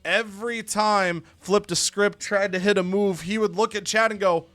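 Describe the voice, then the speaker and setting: A man's voice: sits high, steady tone, a bit bright. Chatty man narrating a game story. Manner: chatty, quick asides.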